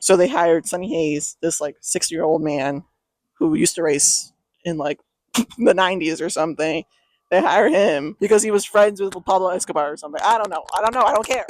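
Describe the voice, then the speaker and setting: A woman's voice: fairly low pitch, no room sound. A young woman reviewing a movie in a casual rant, sarcastic and profane, often breaking into laughter. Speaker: film reviewer.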